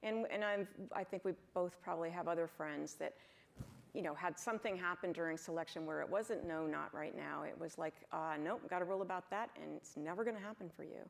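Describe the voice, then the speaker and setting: Gravelly low-voiced woman on a panel. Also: brisk. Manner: reflective, thinks aloud with fillers. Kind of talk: casual panel conversation. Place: conference stage.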